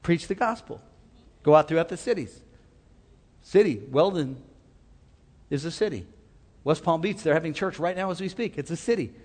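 A man's voice: fairly high pitch, lively intonation, moderate pace, long pauses, a little mellow. A man preaching a sermon, mixing call-and-response cries with casual asides. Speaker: pastor. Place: church sanctuary. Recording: long hall reverb.

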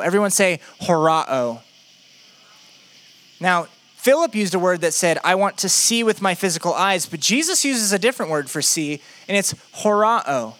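A male pastor preaches in a relaxed, conversational way and asks his listeners many rhetorical questions. His voice is high and bright. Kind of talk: sermon.

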